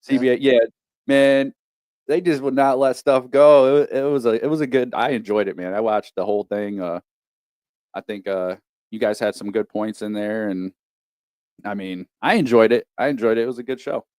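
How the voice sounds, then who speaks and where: Laid-back man co-hosting, smooth low voice. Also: moderate pace, a little mellow, no echo, clean studio sound. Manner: laid-back, rambling, repeats himself. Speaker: podcast co-host. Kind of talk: casual sports podcast chat.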